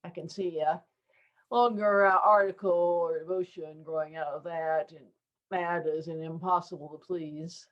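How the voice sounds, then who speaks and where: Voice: mid-range voice, fairly even intonation, normal speed, highs cut off. A writing group member talking casually and with self-deprecating humor about disliking prompts. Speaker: workshop participant. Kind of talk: casual chat.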